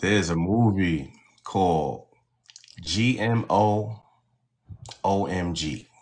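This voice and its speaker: A man's voice: sits low, extremely slow, a little mellow. A man hosting a casual live-stream chat about gardening, folksy and preachy, with "you know" at every turn. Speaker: host.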